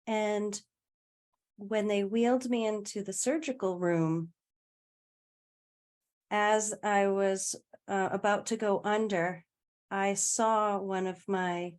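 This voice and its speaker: A woman's voice: mid-range voice, steady tone, slow pace, long pauses. Chatty woman telling a story. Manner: chatty, laughs between phrases, trails off mid-sentence. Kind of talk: casual conversational storytelling.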